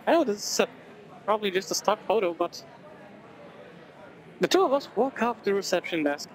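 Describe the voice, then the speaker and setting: A let's player reads a visual novel aloud as he plays, adding chatty, wry asides. He sounds high and animated at a brisk pace, in a rough recording with game music in the background.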